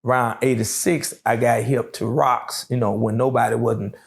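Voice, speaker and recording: Gravelly middle-aged man with a drawl. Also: medium pitch, steady tone. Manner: slow, drawling storytelling with many fillers. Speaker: interview guest. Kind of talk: casual storytelling interview.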